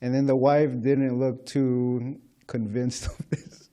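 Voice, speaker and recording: Slow and flat, with a dark tone, a man of medium pitch talks through an informal temple scripture class. The setting is a lecture hall, and he keeps it casual, frequently dropping "you know" and laughing softly.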